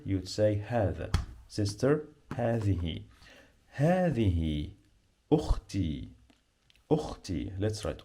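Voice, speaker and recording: A man with an Arabic accent teaching a beginner lesson, speaking slowly and repeating each word to drill pronunciation. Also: on the low side, mellow. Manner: slow, repetitive, drills pronunciation.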